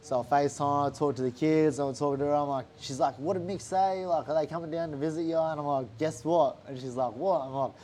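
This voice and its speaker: A man with an Australian accent telling a story in a casual interview, animated and swearing often. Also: fairly high pitch, fast, few pauses, slight background noise. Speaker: interview guest, fighter.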